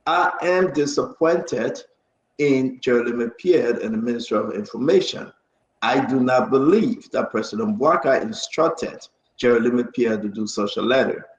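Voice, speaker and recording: A man's voice: medium pitch, normal speed. Male host, insistent, roomy echo, dull audio. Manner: emphatic, insistent. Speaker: talk show host. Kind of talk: political talk-show discussion. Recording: echoey, dull lo-fi stream audio.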